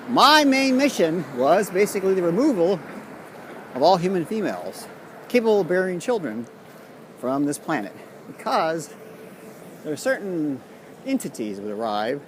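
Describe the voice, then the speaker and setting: A man's voice: on the high side, slight background noise. A man walking outdoors along a city street, delivering a profane, conspiratorial rambling monologue. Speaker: street vlogger.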